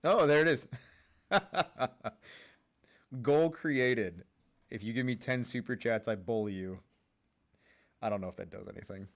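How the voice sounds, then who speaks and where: A man's voice: medium pitch, unhurried, pauses often. A young man hosting a livestream, rambling casually, swearing a lot and laughing often at his own jokes. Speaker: livestream host.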